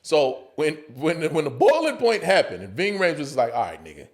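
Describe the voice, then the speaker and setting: A man's voice: on the high side, wildly swooping pitch, normal speed. A man in his forties, an actor guest telling a story on a podcast, laughing often and acting out the voices of other people.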